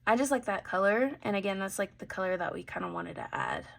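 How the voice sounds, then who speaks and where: A woman hosts a beading tutorial in a loose, chatty way, thinking aloud as she works. Her voice has a gravelly creak, set at a middle pitch for a woman. A faint hiss sits under the recording. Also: huge pitch swings, quick pace. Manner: chatty, thinking aloud, drifting into soft mutters. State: has the hiccups. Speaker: jewelry-making channel host. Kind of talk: casual craft tutorial chat.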